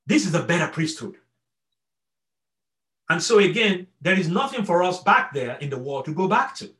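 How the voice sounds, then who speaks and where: A middle-aged man preaching with an earnest, searching delivery, stumbling through restarts and checking in with his listeners. His voice sits a little high and rings bright and forceful. The room around him is echoey. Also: big pitch swings, normal speed. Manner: earnest, repetitive restarts, frequent "okay?" check-ins. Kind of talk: sermon.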